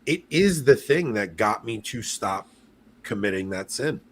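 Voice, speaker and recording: A man's voice: fairly low pitch, expressive, measured pace, a bit bright. A man hosting a casual panel chat, candidly telling a personal story over a video call.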